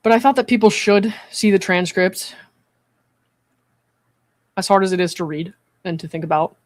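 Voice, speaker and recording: Hosting a commentary stream, this psychiatric evaluator sounds earnest and measured, with a mid-pitched voice and frequent pauses to check in with the listener. They alternate steadily between transcript reading and personal commentary, in a close, dry recording free of echo.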